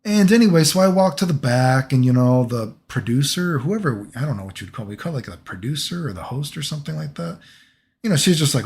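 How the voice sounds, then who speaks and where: A man's voice: mid-range voice, very animated, fairly quick, darkish tone. A young man casually telling a long story, rambling and swearing, tagging lines with "right?" and "dude".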